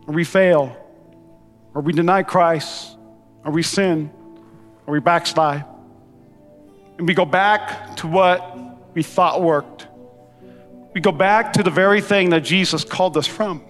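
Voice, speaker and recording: A male pastor preaching a sermon in a large church hall, animated and acting out quotes in different voices. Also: fairly high pitch, measured pace, long pauses. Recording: long hall reverb with faint music.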